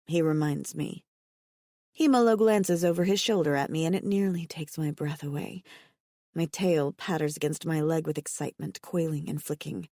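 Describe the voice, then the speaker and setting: Mellow-voiced woman narrating a romance. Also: fairly low pitch, normal speed, no echo, clean studio sound. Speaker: audiobook narrator. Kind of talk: first-person romance audiobook narration.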